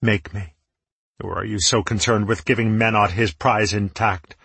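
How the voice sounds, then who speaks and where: A man voicing a fierce, grieving young woman warrior who taunts her enemy, in a husky voice. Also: fairly low pitch, steady tone, normal speed, a bit bright, dry recording, heavily acted. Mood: taunting. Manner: taunting, defiant.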